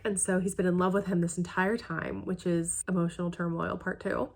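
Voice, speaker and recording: A woman's voice: lowish voice, flat delivery, moderate pace, few pauses. A woman hosting a reaction video, casually recapping a film in a chatty, emotional way with trailing asides.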